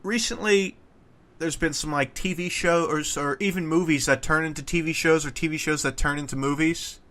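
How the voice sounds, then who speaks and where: Male podcast host, bright and a touch high, joking and halting. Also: steady tone. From Wales. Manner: jokey, puts on accents, hesitant fillers. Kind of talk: casual podcast chat.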